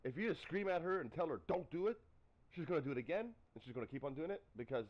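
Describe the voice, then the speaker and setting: A man chatting casually on a live stream, telling stories in an animated way and acting out what people said. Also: a little high, fast, muffled recording. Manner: animated storytelling, acts out quotes. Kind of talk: casual chat.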